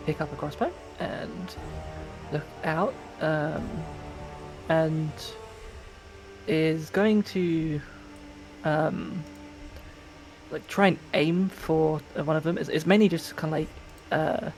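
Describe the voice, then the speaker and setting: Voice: mid-range voice, darkish tone, poor audio. A player in a tabletop game, hesitant and full of fillers while describing an action.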